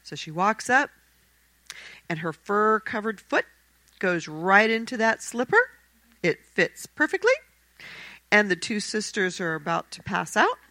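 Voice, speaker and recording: Woman, storyteller, bright tone, dry close sound, expressive fairy-tale telling. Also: medium pitch, unhurried, long pauses, no room sound, low-quality recording. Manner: expressive, acts out the characters' voices. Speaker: storyteller in a church service.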